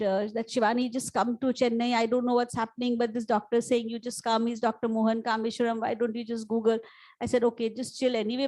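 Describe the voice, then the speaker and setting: High-voiced Indian woman telling her story. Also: darkish tone, rough recording. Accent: Indian English. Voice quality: slightly husky after vocal cord damage. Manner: earnest storytelling, rising emphasis on key points. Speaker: life coach. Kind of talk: motivational talk to an audience. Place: conference hall before a live audience.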